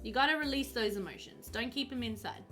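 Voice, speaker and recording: A woman's voice: on the high side, fast, faint music behind. A young woman streaming a game, chatting casually with her viewers and reading their messages aloud with frequent giggles. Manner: chatty, warm, giggly, reads chat aloud. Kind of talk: casual chat with live chat while gaming.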